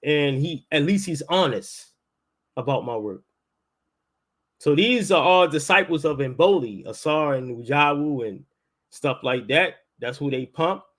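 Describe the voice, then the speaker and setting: Man, teacher, informal lecture, emphatic, repeats himself, raised pitch. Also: expressive, measured pace, fairly bright tone. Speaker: language teacher.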